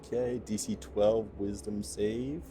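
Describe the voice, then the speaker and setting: Low-voiced man running a tabletop game. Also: steady tone, unhurried, background noise. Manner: laughs often, easygoing rulings. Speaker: game master.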